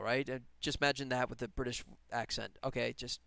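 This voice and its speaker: A man's voice: mid-range voice, fairly even intonation, brisk, gravelly, a bit bright, clean tone, no echo. A man game developer chatting casually on a live stream while he works, rambling and laughing often. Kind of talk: casual livestream chat while working.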